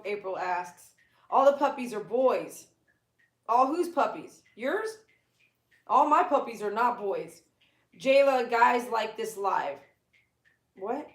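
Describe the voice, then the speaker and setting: A woman, a pet groomer chatting casually on a live stream from her living room and cooing at her dogs. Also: roomy sound. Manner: chatty, talks to her dogs in a high baby voice. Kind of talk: casual livestream chat.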